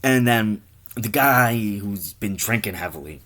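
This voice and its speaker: A man improvising a comic story in a loose, rambling way, swearing freely as he goes. His voice sits fairly low. The delivery is offhand and conversational. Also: lively intonation, a little slow, a bit bright.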